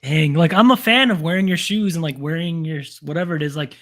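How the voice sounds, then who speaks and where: A man's voice: a little high, quick pace, a bit bright. A man co-hosting a podcast, joking and bantering in casual chat. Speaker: podcast co-host.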